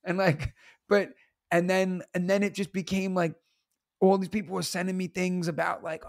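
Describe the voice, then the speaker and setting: A man in his thirties with a high, gravelly voice tells stories in a loose, chatty way. He slips into quick impressions of the people in his stories, and his voice sounds close and dry with no room behind it. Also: no echo. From New York. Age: 30s. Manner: animated, acts out other people's lines in quick bursts. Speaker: teacher and stand-up comedian guest. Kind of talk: casual storytelling interview.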